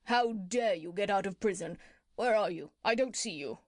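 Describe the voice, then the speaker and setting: A woman's voice: medium pitch, normal speed, no room sound, studio quality, close to an everyday voice. A woman voicing a proud, stern male king in a storybook reading, commanding and severe. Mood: angry. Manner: stern and commanding, then pleading in fear.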